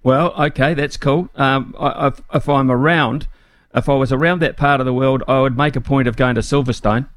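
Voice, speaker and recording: A man hosting a casual chat, unhurried and with many fillers. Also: mid-range voice, steady tone, a bit bright, dry recording. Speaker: host.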